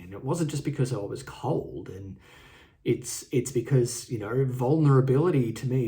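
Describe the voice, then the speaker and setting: A man with an Australian accent hosting a solo podcast, earnest and halting, often repeating his words. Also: medium pitch, darkish tone. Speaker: podcast host. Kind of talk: reflective solo podcast talk. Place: indoors, seated. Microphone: studio microphone and camera.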